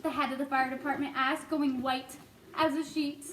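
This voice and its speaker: A woman reads a children's story aloud in a high, playful voice. She keeps it animated and easy, breaking into small laughs. The room echoes around her, with a faint hum of ambience. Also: brisk.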